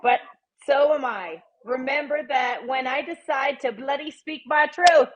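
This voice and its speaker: Bubbly Canadian woman, high voice. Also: a little slow, over a noisy crowd. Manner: bubbly, giggly, enthusiastic. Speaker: podcast co-host. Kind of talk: casual chat.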